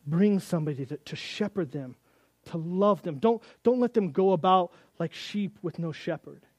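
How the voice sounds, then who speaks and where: A weary old prophet begs for a leader for his flock, voiced by a man telling the story. The voice sits fairly high for a man and is earnest and plain-spoken. The sound is close and dry. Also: normal speed, darkish tone, no echo. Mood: pleading. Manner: earnest, pleading paraphrase.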